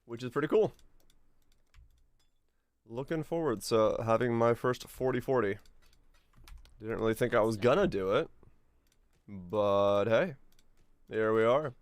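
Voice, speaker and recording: A man's voice: medium pitch, a little slow, long pauses, dry recording. Laid-back male streamer humming along. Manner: relaxed, hums to himself, chuckles. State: voice a bit off today. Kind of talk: casual gameplay commentary.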